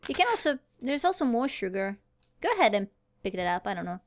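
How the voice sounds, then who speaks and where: A woman chatting casually while playing a game, playful and giggly, with excitable exclamations. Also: a little high, fast, slight background noise. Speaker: gamer recording a let's play. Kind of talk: casual gameplay chat.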